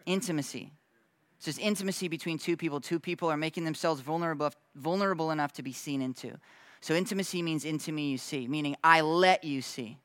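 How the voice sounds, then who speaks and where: Casual, animated pastor, dry close sound. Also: male voice, on the high side, no room sound. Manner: animated, acts out quick voices in his story; laughs now and then, loose slangy phrasing. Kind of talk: casual conversational sermon.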